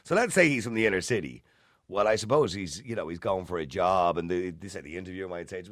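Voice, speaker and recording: A low-voiced man with a Dublin accent hosts late-night talk radio from a dry, close studio mic. He talks in a chatty, opinionated way, with a lively pitch and frequent rhetorical questions to his listeners. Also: fast, no echo. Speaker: radio talk show host. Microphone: studio microphone.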